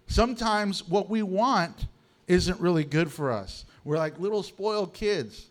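A man preaching a sermon as pastor, animated and humorous, reading scripture and telling stories. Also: high voice, measured pace.

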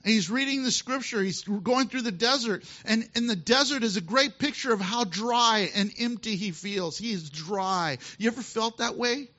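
A male pastor preaching a sermon, telling a Bible story with animated asides and laughter. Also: sits high, normal speed, few pauses. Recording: dull lo-fi sound.

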